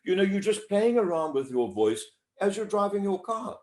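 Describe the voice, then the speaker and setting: A man explaining voice warm-up exercises as a coach in an interview, animated and demonstrative. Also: high voice, normal speed. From South Africa. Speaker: voice-over coach. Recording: echoey room.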